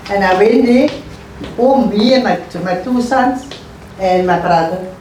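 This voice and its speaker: A middle-aged woman, an interview guest telling her life story in a halting, emotional way and repeating phrases. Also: on the high side, warm tone. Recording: echoey room, voice far from mic, faint noise.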